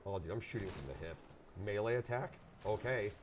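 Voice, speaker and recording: A man getting over a cold, joking and reacting out loud as he plays a game live. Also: on the low side, animated, fairly quick. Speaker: streamer playing the game live. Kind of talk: live gameplay commentary. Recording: noisy live stream audio.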